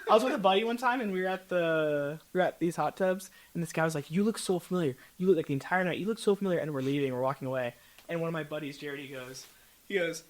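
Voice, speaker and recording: Fast and chatty, this young American man talks in a quick, relaxed interview voice. He tells stories with bounce, slipping into the voices of people he quotes. He sounds like a casual guest in a conversation. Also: a little high. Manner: animated storytelling, acts out quoted people. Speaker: content creator guest.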